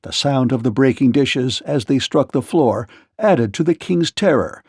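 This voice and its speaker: A man reading a children's storybook aloud in a steady, expressive way. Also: medium pitch, no echo, studio quality.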